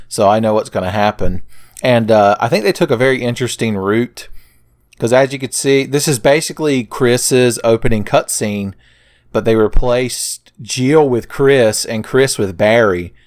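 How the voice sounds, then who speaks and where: A young man talks through a game he is playing in a loose, joking commentary. He teases the characters and keeps calling the listener "son". His voice sits at an everyday middle pitch. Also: dry recording, clean studio sound. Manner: jokey, playful, keeps calling the viewer "son". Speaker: let's play commentator. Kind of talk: casual gameplay commentary.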